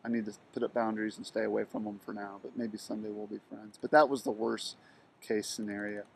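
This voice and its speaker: Middle-aged man, monotone delivery, halting personal monologue full of restarts. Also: fairly low pitch, vocal fry, breathy edge. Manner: halting, with frequent ums and restarts, flat delivery. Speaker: video blogger telling a personal story.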